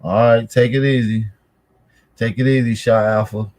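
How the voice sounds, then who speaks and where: A man hosting a livestream mocks a caller with brash, profane banter. His mid-range voice is a little mellow, his intonation fairly even, and his speed normal.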